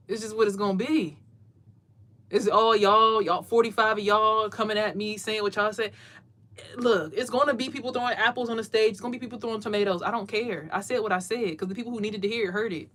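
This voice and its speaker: A woman hosting a casual livestream from a small closet, talking emphatically in a preachy way and often repeating her words. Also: medium pitch. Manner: emphatic, preachy, repeats words, mimics others in loud bursts. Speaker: livestream host doing card readings.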